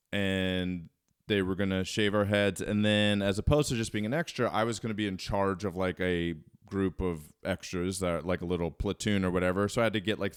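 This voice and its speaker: A man's voice: sits low, clear, resonant tone, dry recording, clean studio sound. A man in his thirties from Baltimore, a podcast guest telling a rambling, self-deprecating story with many fillers. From Baltimore, Maryland. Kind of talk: casual storytelling.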